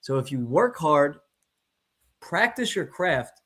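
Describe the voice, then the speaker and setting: A male chiropractor speaks to his peers in an emphatic motivational talk. His voice sits a little high for a man, and he hammers home his points by saying them again and again. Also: sing-song, slow, fairly bright tone. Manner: emphatic, repeats phrases for stress.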